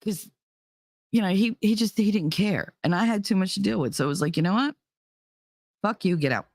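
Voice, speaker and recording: A woman's voice: medium pitch, a little fast, darkish tone, dry recording, clean studio sound. A woman host telling a personal story bluntly, swearing freely and speaking with heated emphasis. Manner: blunt and profane, emphatic retelling. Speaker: podcast host.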